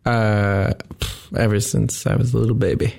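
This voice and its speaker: A Canadian man with an Ottawa accent, a musician chatting as a guest in a relaxed, joking way. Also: on the low side, moderate pace, gravelly. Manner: relaxed, joking, often laughing. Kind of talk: casual interview chat.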